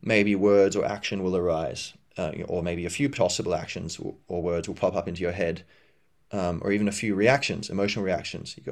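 A man hosting a podcast, talking through ideas in a casual reflective monologue, rambling with many fillers and restarts, and acting out inner voices in a higher pitch. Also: fairly even intonation, fairly quick. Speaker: podcast host.

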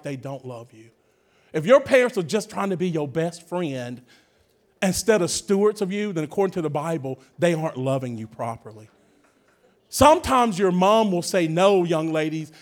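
Man, preacher, sermon in a church, high voice, very lively pitch, comic storytelling, sudden shouts. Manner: humorous storytelling, bursts into shouts. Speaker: guest preacher. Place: church with a praise band.

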